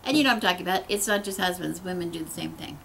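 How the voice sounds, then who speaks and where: Earnest woman with a gravelly voice. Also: lowish voice, rapid-fire, a bit bright, slight background noise, rough recording. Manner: rambling, earnest, many restarts. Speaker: host. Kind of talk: casual spiritual talk.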